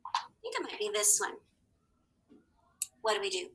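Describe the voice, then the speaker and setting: A woman teacher giving a recorded phonics lesson for children, encouraging and spelling words slowly letter by letter. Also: mid-range voice, very animated, a bit bright, poor audio.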